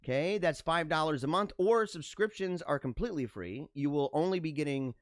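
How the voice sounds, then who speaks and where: A man's voice: fairly high pitch, expressive, fairly quick, no echo, studio quality. A man hosting his own talk show, reading jokes aloud and reacting with sarcastic, joking commentary and frequent laughter. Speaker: podcast host.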